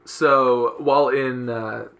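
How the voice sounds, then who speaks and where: A man's voice: mid-range voice, steady tone, takes it slowly, a bit bright. A man hosting a podcast, chatting casually and hesitantly about a comic book, with many ums and restarts. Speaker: podcast host.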